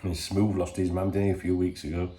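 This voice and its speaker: At home in Spain, a channel host chats casually to camera in a low, warm voice with a flat delivery and quick pace, in an echoey room. He rambles, swears freely and says "you know" constantly.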